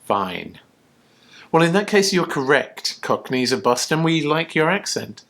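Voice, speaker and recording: Animated rambling man from the UK. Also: on the high side, unhurried. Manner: rambling, storytelling, jokey. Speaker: co-host. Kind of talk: tipsy casual chat.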